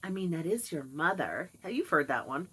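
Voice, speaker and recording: A woman's voice: fairly low pitch, very animated, moderate pace, sharp tone, husky. A middle-aged woman talking casually to camera, sarcastic and mocking, putting on voices when she quotes people. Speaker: vlogger. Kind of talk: casual monologue.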